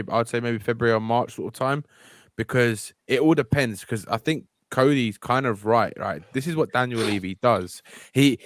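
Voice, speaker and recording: A man's voice: medium pitch, dry recording. A man co-hosting a casual football podcast, easygoing and thinking aloud. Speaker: podcast co-host. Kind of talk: casual fan podcast chat.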